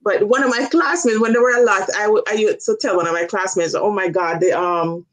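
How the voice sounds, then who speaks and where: A woman's voice: mid-range voice, animated, fast talker. Chatty woman telling stories. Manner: chatty storyteller, laughs often. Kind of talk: casual radio chat.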